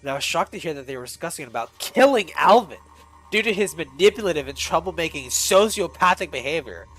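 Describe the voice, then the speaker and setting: Animated, swearing young-sounding male streamer. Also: a little high, fairly quick, soft background music, poor audio. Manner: animated, swearing, laughing asides. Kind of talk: reading a creepy fan story aloud on stream.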